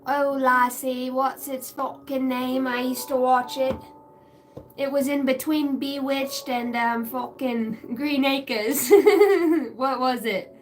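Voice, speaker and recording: A woman's voice: sits high, fairly even intonation, slow. A woman doing a casual live tarot reading from her backyard shed. She rambles, cracks crude jokes and laughs a lot. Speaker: tarot reader.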